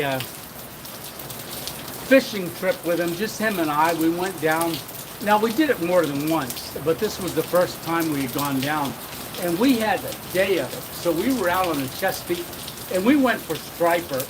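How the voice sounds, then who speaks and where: Middle-aged male host, easygoing rambling storyteller, slightly high voice; outdoor camera audio with steady rain noise. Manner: rambling, chuckling, many fillers. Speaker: channel host. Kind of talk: casual live-stream storytelling. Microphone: handheld camera.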